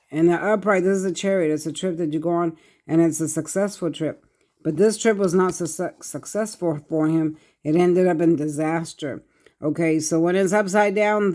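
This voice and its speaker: A tarot reader, talking to viewers in short, halting, repetitive bursts of earnest speech. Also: medium pitch, dark tone. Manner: earnest, addresses viewers directly. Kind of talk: tarot card reading monologue.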